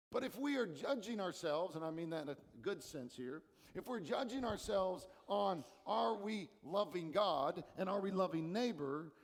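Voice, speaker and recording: An earnest male pastor delivers a sermon, pressing hard on some words and dropping to a hush on others. His voice sits high for a man. The sound carries a long reverb, as if from a large sanctuary. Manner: earnest, emphatic preaching with dramatic shifts in loudness. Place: church sanctuary.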